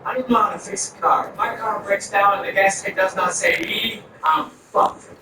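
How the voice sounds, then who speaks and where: A man with a high, light voice doing stand-up, firing off absurd one-liners one after another. He is caught from far off in a very echoey room with a steady hum of noise behind him. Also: moderate pace. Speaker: stand-up comedian. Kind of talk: stand-up set. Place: comedy club stage.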